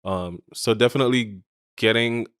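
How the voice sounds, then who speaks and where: A man's voice: fairly low pitch, moderate pace, a bit bright, clear, resonant tone, no echo, studio quality. A young adult man from Saint Croix, a podcast guest talking in an easygoing way with frequent ums and laughs. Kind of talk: casual chat.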